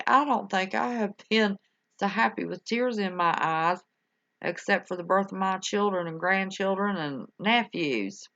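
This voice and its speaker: A woman's voice: medium pitch, measured pace, a bit bright. An older woman, chatting casually and affectionately with viewers on her livestream. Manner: folksy and affectionate, calling viewers honey and y'all. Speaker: livestream host. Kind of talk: casual chat with live viewers. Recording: dull lo-fi home stream audio.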